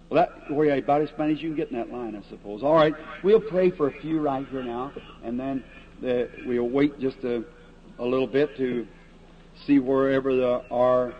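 A man preaching a revival sermon and calling people up for prayer, in a folksy, plain-spoken, earnest way. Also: mid-range voice. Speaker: evangelist preacher. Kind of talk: old-time revival sermon and prayer line. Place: large meeting hall before an audience. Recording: dull lo-fi archival tape with faint hiss.

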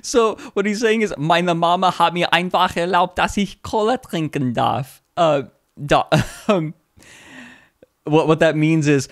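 An American man chatting casually on a livestream, playful and quick to laugh. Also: on the high side, no room sound, studio quality. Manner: laughs a lot, playful, lively. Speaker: streamer.

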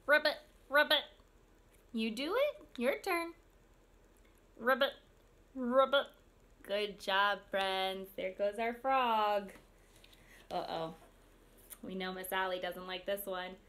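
A woman's voice: mid-range voice, expressive, unhurried, fairly bright tone. A young woman reading a picture book to young children in an exaggerated sing-song voice, making animal sounds. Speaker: speech language pathologist.

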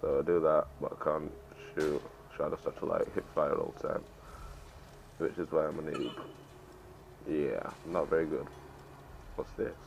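A man playing a video game and commenting casually, excitable and boastful, exclaiming at every kill. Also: a bass voice, normal speed, gravelly, pauses often. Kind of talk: casual let's-play commentary. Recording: noisy home recording.

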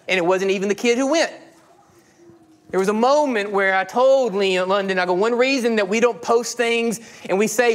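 Pastor guy in his 30s preaching, higher pitched voice, acts out little bits of dialogue. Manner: animated preaching with quoted dialogue. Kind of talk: sermon. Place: church sanctuary.

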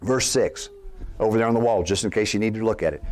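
A middle-aged man preaching a sermon as pastor, animated, posing rhetorical questions and building toward near-shouts. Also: fairly low pitch, fast talker.

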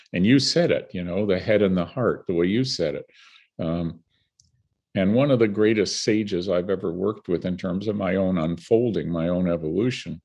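Husky older Canadian man telling stories. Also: lowish voice. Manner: animated storyteller who acts out the people he quotes. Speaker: guest filmmaker. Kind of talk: storytelling in a conversational interview.

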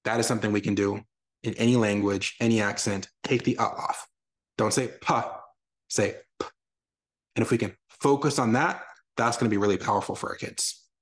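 A young adult man, a reading educator, giving a lively online lesson for parents and answering their questions. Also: on the low side, brisk. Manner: energetic, explains with sound examples. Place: lives in Texas.

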